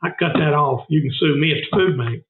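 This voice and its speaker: A man's voice: a little high, brisk. An older man with a Southern US accent, a guest telling earnest, emphatic stories in a casual interview. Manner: emphatic, earnest, repeats for stress. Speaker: guest, food bank founder. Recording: narrow phone-like sound.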